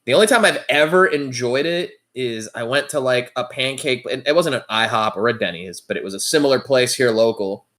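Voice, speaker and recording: Man, podcast co-host, casual chat, laid-back, profane storytelling, medium pitch. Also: lively intonation, brisk, hardly any pauses, a bit bright.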